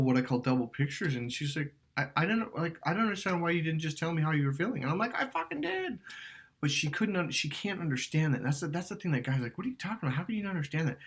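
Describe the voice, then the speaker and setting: A man coaching on dating in an animated, emphatic way. His voice sits a little high and swings widely in pitch. He swears freely and acts out quoted lines with force.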